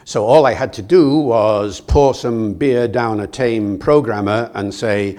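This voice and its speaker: A man's voice: fairly low pitch, unhurried, hardly any pauses. Older British man, playful public lecture. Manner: lively, self-mocking and anecdotal, acting out quoted dialogue with chuckles. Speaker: guest lecturer. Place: lecture hall.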